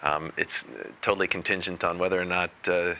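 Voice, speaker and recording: A man giving a spiritual talk as a meditation teacher, unhurried and deliberate with a gently playful touch. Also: low voice, little pitch movement.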